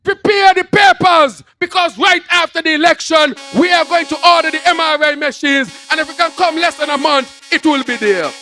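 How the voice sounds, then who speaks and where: A man with a Kittitian accent giving a rousing political rally speech, shouting his lines in repeated, punchy phrases to an outdoor crowd. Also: very high-pitched, moderate pace, hardly any pauses, faint music behind. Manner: shouted, rousing, repetitive call-and-response phrasing.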